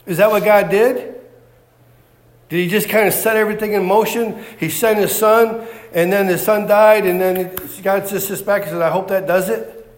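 A man's voice: sits high, steady tone, moderate pace. A man preaching a sermon, emphatic and repetitive, firing off rhetorical questions.

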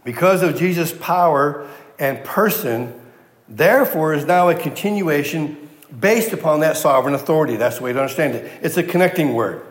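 A man's voice: on the high side, moderate pace. Preaching man in an echoing hall. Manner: emphatic, repeats key words, asks the audience questions. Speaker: pastor. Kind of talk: sermon. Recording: echoey hall reverb.

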